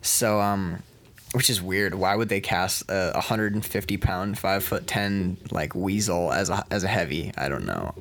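A man's voice: deep voice, animated, unhurried, vocal fry, a bit bright. Guy rambling thru a story, swears a lot, voice bouncing all over, laughs a bunch. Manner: rambling, profane storyteller who laughs often. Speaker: actor. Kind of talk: casual chat.

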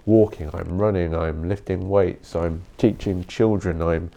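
A man's voice: low-pitched, steady tone, a little slow, creaky, dark tone. A young man hosting a podcast, rambling bluntly in a casual solo monologue and swearing often. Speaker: podcast host.

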